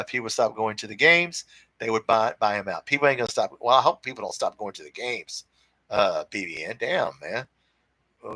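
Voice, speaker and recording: Bright-voiced, profane man ranting on a livestream. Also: medium pitch, no echo, low-quality recording. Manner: blunt, profane and fired-up, calls people brother and dude. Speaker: host of a fan livestream. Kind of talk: casual livestream chat reading viewer comments. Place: home room with his cat nearby.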